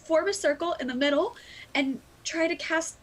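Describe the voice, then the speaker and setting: A woman player in a tabletop game, eager and quick to propose plans. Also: very high voice.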